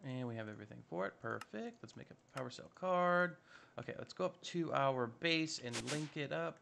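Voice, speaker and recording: A man's voice: a little high, animated, normal speed, creaky, pushed and bright, a little hiss or hum. A man giving casual, upbeat commentary while playing a modded block-building game, chatting to himself as he builds. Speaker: Minecraft modpack let's-play host.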